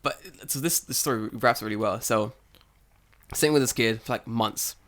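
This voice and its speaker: A man's voice: mid-range voice, normal speed, a bit bright. A man chatting on a podcast with a mid-range voice. He laughs often and swears easily as he acts out people in his stories, with a loose, casual delivery. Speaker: podcast co-host; English teacher in Japan. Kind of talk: casual chat.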